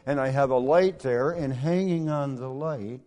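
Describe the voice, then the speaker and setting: A middle-aged male preacher gives a sermon built on folksy personal stories, moving from hushed asides to loud, emphatic lines. His pitch is medium and his pace unhurried.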